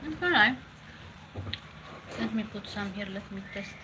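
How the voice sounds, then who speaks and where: A woman's voice: medium pitch, lively intonation, unhurried. A woman talking casually as she cooks at home, giving advice and repeating her phrases, with some Italian words mixed in. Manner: talks while cooking, repeating phrases, mixing in Italian words. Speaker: home cook vlogger. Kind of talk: casual cooking vlog with advice. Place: home kitchen. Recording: noisy kitchen with clattering dishes.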